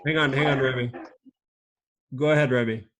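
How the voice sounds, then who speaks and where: Male teacher on a video call, patient and encouraging with kids, mid-pitched. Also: steady tone, a bit bright. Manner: patient, encouraging, speaks slowly and clearly to kids. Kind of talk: teaching a children's class online.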